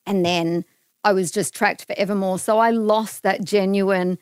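A middle-aged Australian woman, guesting on a podcast, tells a personal story in easy conversation and animatedly acts out the dialogue. Her medium-pitched voice is unhurried, clear and resonant, captured in clean studio sound with no room noise.

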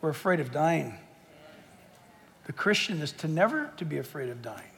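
A man preaching as a pastor, firing sarcastic rhetorical questions and building to forceful emphasis. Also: fairly high pitch, sing-song, moderate pace, gravelly, long reverb tail. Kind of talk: sermon.

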